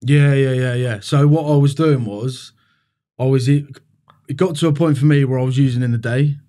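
A man's voice: mid-range voice, normal speed, dark tone. A young man, a podcast guest telling his story candidly, with plenty of swearing. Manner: frank, sweary, confessional.

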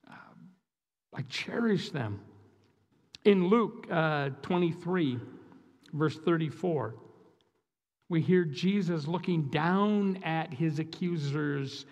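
Preaching as a guest in a church sanctuary, this Upper Midwest American man delivers an earnest, emphatic sermon and frequently repeats phrases. His voice runs on the high side, expressive and a little mellow, slow with frequent pauses. The recording has a long church-hall reverb.

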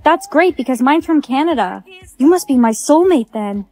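A text-to-speech woman's voice reading a storytime script, voicing every role with even synthetic delivery. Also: sits high, normal speed, soft background music.

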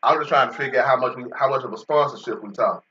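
A man's voice: medium pitch, rapid-fire, sharp tone, far from the mic, lo-fi sound. A man giving casual, joking commentary over a football video game as host, bantering about getting paid. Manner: joking banter with an unseen in-game agent, AAVE-flavored casual speech.

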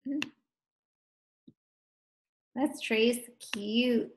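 Slow, encouraging first grade teacher woman. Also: on the high side, slight background noise. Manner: slow, encouraging, drawn-out words for children. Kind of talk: phonics lesson for young children.

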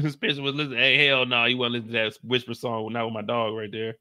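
A man hosting a casual TV recap, animated and slangy, often laughing. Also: medium pitch, fast, dry recording, clean studio sound. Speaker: show recap host. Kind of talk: casual commentary.

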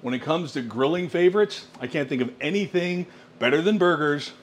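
A man hosting a cooking vlog, demonstrating a kitchen appliance at home with excited exclamations and frequent laughs. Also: on the high side, fairly quick, slight background noise. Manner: enthusiastic, exclamatory, laughing often. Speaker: cooking channel host. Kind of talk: product demo cooking vlog.

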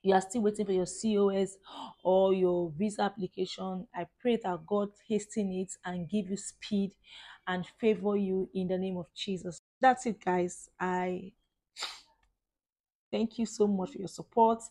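In a mellow, mid-range voice with fairly even intonation, a Nigerian woman in her thirties talks a little slowly to her vlog followers. Her Nigerian-accented chat is casual and gushing, and "guys" and "like" come up frequently.

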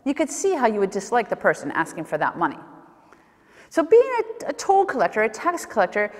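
A woman's voice: medium pitch, wildly swooping pitch, brisk. A woman giving a sermon, telling Bible stories vividly and acting out the questions people asked. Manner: vivid storytelling, acts out questions and scenes. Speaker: preacher. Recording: reverberant church hall.

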